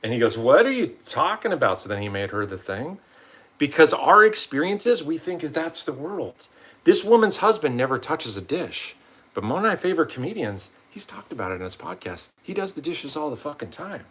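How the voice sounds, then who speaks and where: A man's voice: a little high, moderate pace, breathy edge. A man vlogging a rambling, casual motivational monologue, swearing often and acting out quotes in different voices. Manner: swearing, rambling, animated quoting of himself and others.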